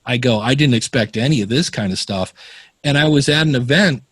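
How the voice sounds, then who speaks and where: A man's voice: mid-range voice, brisk, a bit bright, breathy edge, no echo. A man telling stories in a casual podcast interview, often acting out the voices of the people he quotes. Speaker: podcast guest.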